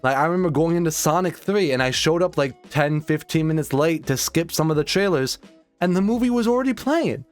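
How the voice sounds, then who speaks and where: A young man ranting as a film commentator, exasperated, sarcastic and often profane. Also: fairly high pitch.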